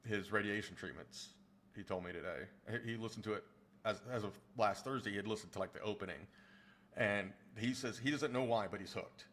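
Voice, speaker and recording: A man with a fairly low voice talks casually to viewers of a livestream. He rambles, doubles back on his words and restarts sentences as he answers the chat. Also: a bit bright. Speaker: streamer and audiobook narrator.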